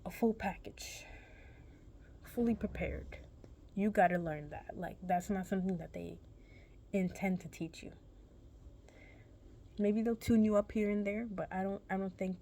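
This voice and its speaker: A woman's voice: mid-range voice, dark tone, slight background noise. A young woman vlogger casually telling a personal story, rambling and correcting herself in a laid-back, chatty way.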